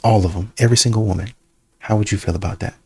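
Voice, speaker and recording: A man's voice: fairly low pitch, fairly even intonation, fast talker, gravelly, slightly rough, dry recording. A man hosting a reaction video, talking in a casual, conversational way and sometimes putting on voices to quote people. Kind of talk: casual commentary.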